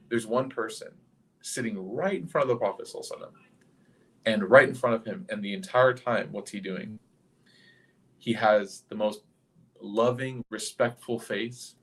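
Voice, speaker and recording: Man telling a sermon story conversationally. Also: mid-range voice. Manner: animated, conversational, asks the listeners questions. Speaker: religious teacher.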